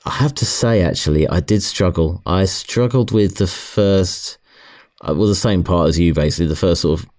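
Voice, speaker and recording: A man's voice: deep voice, moderate pace, a little mellow. A middle-aged man co-hosting a book podcast, chatting casually and restarting his sentences often. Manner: hesitant, many restarts. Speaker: podcast co-host. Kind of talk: casual chat.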